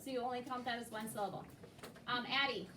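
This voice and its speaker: High-voiced teacher in an echoey classroom. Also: female voice, fairly even intonation, quick pace. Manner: patient, prompting questions to students by name. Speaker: second grade teacher. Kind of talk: classroom instruction. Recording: echoey classroom, distant noisy mic.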